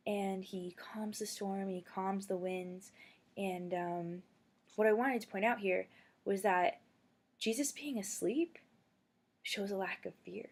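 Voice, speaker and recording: A woman's voice: medium pitch, a little slow, gravelly, husky. Chatty young woman video blogger. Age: young adult. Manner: chatty, excitable storyteller with many fillers. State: feeling sick. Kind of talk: casual faith vlog.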